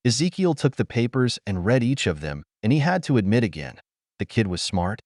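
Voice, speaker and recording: A man narrating a fan fiction audiobook with steady storytelling. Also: medium pitch, brisk, no echo, studio quality.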